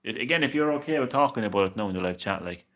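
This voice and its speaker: Bright-voiced young man chatting on stream. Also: fairly low pitch, expressive, rapid-fire. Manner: reassuring, says "man" constantly, stumbles and repeats words. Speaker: game streamer. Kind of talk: casual live-stream chat.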